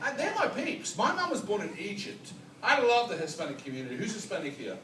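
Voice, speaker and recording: An Australian man does live stand-up on a comedy club bar stage, his voice high-pitched and fairly quick. He rambles animatedly through stories, saying "like" constantly. The roomy, distant recording is filled with loud audience laughter and crowd noise.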